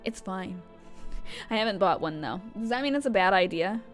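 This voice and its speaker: A woman's voice: medium pitch, expressive, normal speed, faint music behind. A woman streaming a game, joking casually and reading game text aloud. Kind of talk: casual gameplay commentary.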